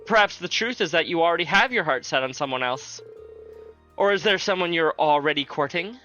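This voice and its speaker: A man's voice: a little high, animated, fairly quick, pushed and bright, highs cut off, soft background music. A man voicing a playful, teasing fifteen-year-old princess, reading game dialogue aloud in a raised, girlish, polite voice.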